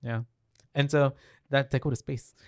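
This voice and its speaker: A man's voice: medium pitch, little pitch movement, normal speed, darkish tone, no echo, studio quality. A man co-hosting a podcast, recapping a film in loose casual chat, swearing freely and filling gaps with "um" and "like".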